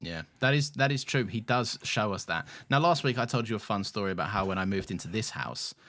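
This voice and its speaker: A man's voice: on the low side, animated, a little fast, a bit bright. A man co-hosting a podcast in casual, playful chat that rambles. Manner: playful, rambling, laughs often. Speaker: podcast co-host.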